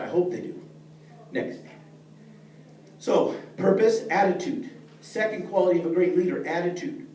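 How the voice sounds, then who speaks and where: A man's voice: a little high, mellow. A middle-aged man teaching a leadership class, earnest and plain-spoken, talking straight to the people in front of him. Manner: earnest, plain-spoken, addresses listeners directly. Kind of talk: speaking to a class. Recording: echoey room, mic far off, faint noise.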